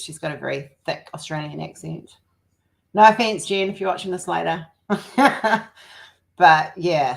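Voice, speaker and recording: A woman with a New Zealand accent hosts a relaxed livestream chat. Her voice sits very low with a gravelly, creaky edge. She rambles from story to story and laughs often. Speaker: livestream host. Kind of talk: casual chat.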